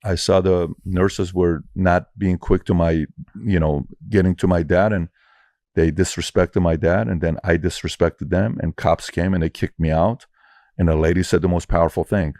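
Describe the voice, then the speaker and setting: Intense man with a very deep voice. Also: fairly even intonation, moderate pace, a little mellow, dry recording, clean studio sound. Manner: intense, blunt, self-critical. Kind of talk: emotional personal anecdote.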